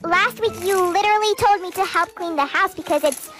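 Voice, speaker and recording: A text-to-speech woman's voice reading a storytime in a quick, chirpy way. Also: very high-pitched, a bit bright. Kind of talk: synthetic storytime narration. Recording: music bed under the voice.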